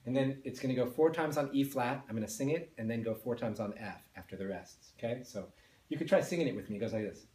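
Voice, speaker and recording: Male band teacher, mid pitch, calm and step-by-step, roomy echo. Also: quick pace. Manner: explains step by step, counts and sings along. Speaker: music teacher. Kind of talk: patient beginner instrument lesson.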